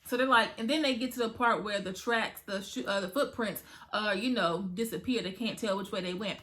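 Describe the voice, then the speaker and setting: Female vlogger, casual movie review, animated storyteller, bright voice. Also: medium pitch, a little fast. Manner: animated storytelling with asides to viewers.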